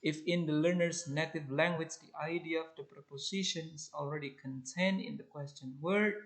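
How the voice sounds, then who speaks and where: A man reading a grammar lesson aloud as an English teacher, in a measured, deliberate way. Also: on the high side, rough recording.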